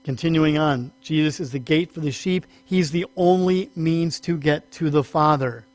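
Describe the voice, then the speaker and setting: This pastor preaches a teaching sermon at normal speed, keeping it conversational and correcting himself midstream. When he wants to stress something, his voice goes up in pitch. The recording sounds dry.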